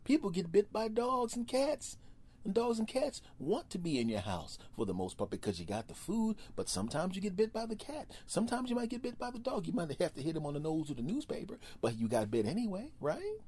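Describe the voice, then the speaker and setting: A man hosting a solo comedy podcast, riffing in an animated, repetitive way. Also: high-pitched, brisk, husky. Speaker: podcast host.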